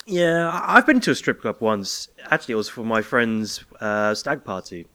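Lively self-mocking English podcast host. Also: male voice, lowish voice, normal speed. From England. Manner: storytelling, dry and self-mocking. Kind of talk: comedic podcast chat.

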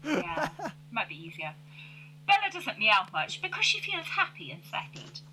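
A woman's voice: on the high side, huge pitch swings, moderate pace, pushed and bright, a little hiss or hum, rough recording. A woman co-hosting a comedy podcast, reading out letters and replies with giggly self-mockery. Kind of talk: casual comedy podcast chat.

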